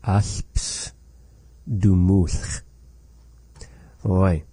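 A man teaching a language lesson, saying phrases slowly and carefully and repeating them for learners. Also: low voice, steady tone, mellow, no room sound.

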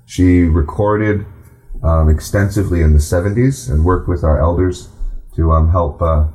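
A man teaching a class, speaking in an unhurried way and pausing often with ums and uhs. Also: low-pitched, warm tone, soft background music. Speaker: language and culture teacher. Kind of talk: informal class talk.

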